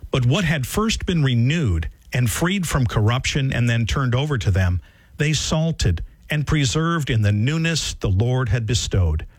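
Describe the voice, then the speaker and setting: A man reads a homily in a measured, earnest voice of middle pitch, raising it to stress key phrases. The recording is dry and close. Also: lively intonation, dry recording. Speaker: reader. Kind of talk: liturgical reading of a homily.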